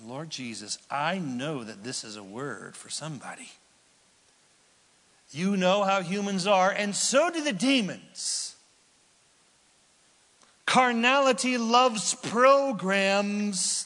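A man preaching in a dramatic, unhurried style, his slightly raised voice leaping to loud bursts and sinking to whispers. The sound carries a long reverb, as in a large sanctuary. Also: fairly high pitch, animated. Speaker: pastor. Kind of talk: sermon.

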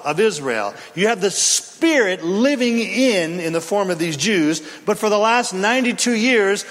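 A man preaching a dramatic, impassioned sermon, shouting at peaks, in a reverberant hall. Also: high-pitched. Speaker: pastor.

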